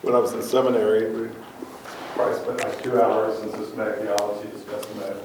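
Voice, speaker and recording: A man in a class, telling a story from his seminary days in a halting, relaxed way. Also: fairly low pitch. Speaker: class member. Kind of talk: sharing an anecdote in class. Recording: echoey room, from far off, with noise.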